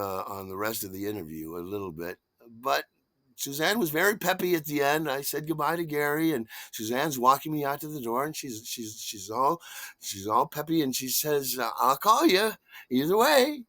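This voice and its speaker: An older man hosts and tells a personal story, theatrical and animated, veering from booming to hushed. His voice is bright and forward, with a pitch that jumps widely. The sound is close and dry. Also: moderate pace, dry recording. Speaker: podcast host.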